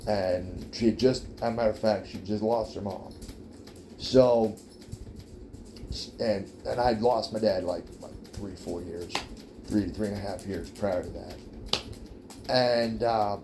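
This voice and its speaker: A man with a fairly low voice spins a loose, rambling story straight to his viewers, repeating himself and circling back. He sounds like he's sitting outdoors, with faint noise and birds behind him. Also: warm tone. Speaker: vlogger telling a personal story. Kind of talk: casual storytelling monologue.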